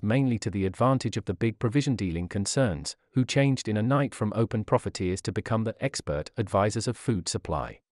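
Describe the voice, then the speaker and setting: Lively, expressive male audiobook narrator. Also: mid-range voice, dry recording, clean studio sound. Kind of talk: scripted nonfiction audiobook reading.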